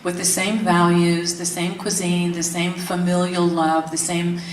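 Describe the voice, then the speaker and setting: Low-voiced older woman telling stories. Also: a little slow, distant mic, slight background noise. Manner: animated storytelling, acts out quoted voices, laughs often. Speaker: interviewee. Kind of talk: candid storytelling. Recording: roomy echo from off mic, faint ambience.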